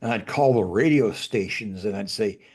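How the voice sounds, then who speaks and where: A man's voice: fairly low pitch, moderate pace, darkish tone, breathy edge. A man in a casual group chat, telling a sheepish, self-deprecating story. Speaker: podcast co-host.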